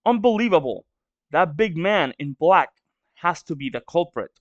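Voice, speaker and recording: A man's voice: a little high, animated, measured pace, no echo, lo-fi sound. A man with a stuffy nose from a cold, reading a manga aloud and reacting to it in hesitant, filler-heavy musing.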